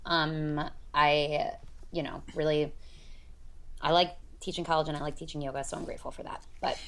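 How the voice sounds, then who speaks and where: A woman who teaches college and yoga, co-hosting a podcast in relaxed casual chat. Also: low voice, normal speed.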